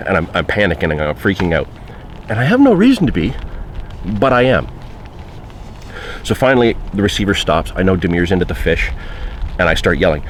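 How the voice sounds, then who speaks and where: A man's voice: deep voice, very animated, normal speed, pauses often, slight background noise. A man recounting a fishing trip in a casual spoken anecdote, conversational and full of fillers.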